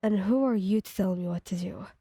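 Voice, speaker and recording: A woman voicing a hot-headed, scornful teenage boy in a low, curt whispered role-play. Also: steady tone, normal speed, dark tone, no room sound, studio quality, natural voice.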